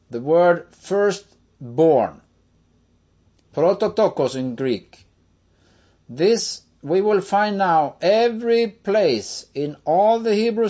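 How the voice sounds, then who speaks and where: A man teaching a step-by-step screen-share lesson, slowly explaining and checking in with listeners. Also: on the high side, mellow, dull audio. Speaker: Bible teacher.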